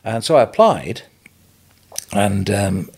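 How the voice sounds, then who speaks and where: An older English man, a retail businessman, telling stories as a guest on an interview podcast, animated and chuckling as he goes. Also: lowish voice, slow pace, slightly rough. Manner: animated anecdotal storytelling, chuckling. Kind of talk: storytelling interview.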